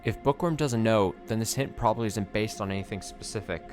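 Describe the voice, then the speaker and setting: A man's voice: fairly low pitch, brisk, darkish tone, soft background music, lightly acted. A man doing a polite methodical tech guy. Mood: calm. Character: polite techy young male detective.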